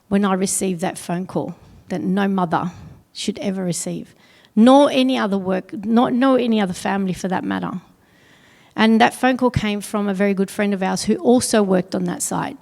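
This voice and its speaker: A middle-aged woman telling a personal story on stage at an awards event, earnest and pausing heavily. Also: medium pitch, steady tone, creaky, a little mellow. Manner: earnest, heavy pauses, quotes others in dialogue. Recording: long hall reverb.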